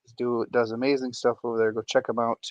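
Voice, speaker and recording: A man's voice: mid-range voice, level tone, fast talker, no room sound, highs cut off. A man hosting an aquarium channel, chatting to camera in a playful, jokey way, with showman hype and frequent laughs. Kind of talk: casual chat to camera.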